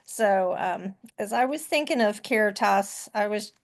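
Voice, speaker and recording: A woman taking part in a group video call, sharing in a warm, halting way. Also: mid-range voice, animated. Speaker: group participant.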